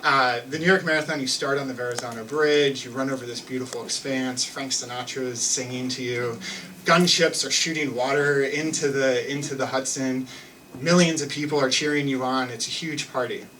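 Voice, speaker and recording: A man's voice: medium pitch, steady tone, normal speed, bright, forceful tone, recorded from a distance, slight background noise, poor audio. A young man telling a personal story on stage in a loose, self-mocking way, full of restarts and fillers. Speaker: live storyteller. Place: theater stage with an audience.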